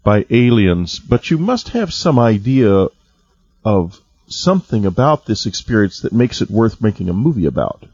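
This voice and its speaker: A man hosts an interview, putting questions to his guest in a conversational way. His voice is husky and moves up and down a lot. The sound is dry and somewhat dull. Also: lowish voice, sing-song, normal speed, a little mellow, dry recording. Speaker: interviewer, host. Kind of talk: radio interview.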